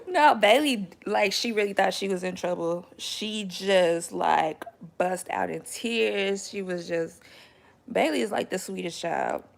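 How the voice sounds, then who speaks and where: Young woman vlogger, gravelly vocal fry, chatty storyteller who laughs a lot and jumps high when quoting. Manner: chatty, animated, laughing, swings into high excited quotes. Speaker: vlogger and mother. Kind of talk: casual storytelling to viewers.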